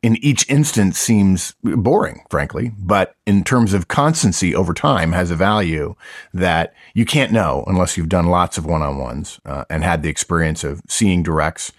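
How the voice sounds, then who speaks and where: A man's voice: deep voice, moderate pace, no echo, clean studio sound. A man co-hosting a casual chat, explaining an idea thoughtfully with frequent restarts. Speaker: co-host, management consultant.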